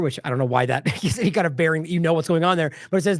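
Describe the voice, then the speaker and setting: A man's voice: a little high, racing, hardly any pauses, no room sound, studio quality. A man giving casual independent news commentary, indignant and talking straight to his viewers while he reacts to social media posts.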